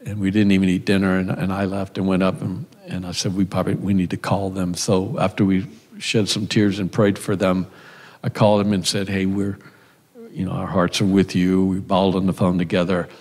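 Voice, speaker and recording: Older guy preaching, kinda low voice, folksy storytelling, big church echo. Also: level tone, fairly quick, a little mellow. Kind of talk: sermon. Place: church sanctuary. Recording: church hall reverb.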